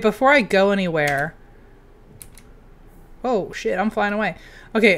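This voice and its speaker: A young woman giving casual commentary while playing a game, chatty and given to sudden excited outbursts. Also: medium pitch. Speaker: game streamer.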